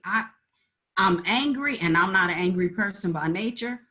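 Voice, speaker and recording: A middle-aged woman speaks on a video call at a mid-range pitch. Her talk is earnest and weary, with pauses and restarts as she gathers her thoughts. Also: animated, pushed and bright. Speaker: call participant, artist. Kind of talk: candid group video call.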